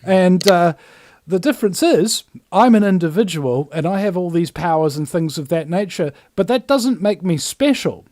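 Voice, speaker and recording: A New man hosting his own show, ranting emphatically and with scorn. His voice sits high for a man and swings widely in pitch as he drives each point home. The sound is close and dry, with no room around it. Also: animated, moderate pace, a little mellow, no room sound. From New Zealand. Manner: emphatic and scornful, acts out other people's voices. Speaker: host. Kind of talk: ranting monologue.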